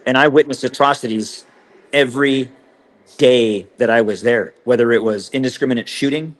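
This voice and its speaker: Earnest man. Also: mid-range voice. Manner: earnest, halting with many restarts. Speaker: whistleblower guest. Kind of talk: recounting events in interview.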